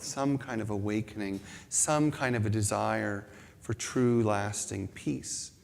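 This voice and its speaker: A man gives a reflective spiritual talk, drifting into personal stories with a self-deprecating wit. His voice sits at a middle pitch with a gravelly edge. A long reverb from a large hall rings behind his words. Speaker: spiritual speaker.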